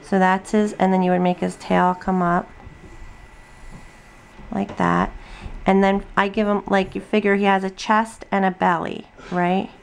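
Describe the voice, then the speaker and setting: A woman's voice: mid-range voice, little pitch movement, measured pace, vocal fry, slight background noise. A tired, chatty middle-aged woman rambling through a casual drawing tutorial at her home desk, full of ums and asides. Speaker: craft video host. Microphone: camera on tripod at desk.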